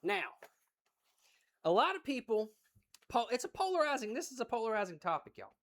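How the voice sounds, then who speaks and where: An excited man from West Virginia with an Appalachian accent, chatting folksily on a cooking livestream. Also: very high-pitched, moderate pace. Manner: folksy and exuberant, repeats phrases.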